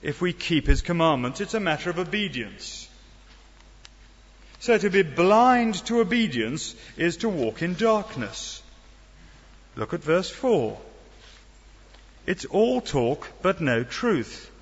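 A man's voice: a little high, big pitch swings, slow, pauses often, breathy edge. A middle-aged man preaching a sermon in an earnest way, with wry asides and rhetorical questions. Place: church. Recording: dull sound in a long-reverb hall.

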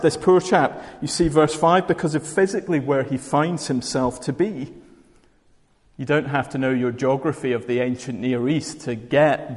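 Scottish male preacher, mid-pitched, wry and conversational, long hall echo. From Scotland. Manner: conversational, dry humour. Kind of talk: sermon.

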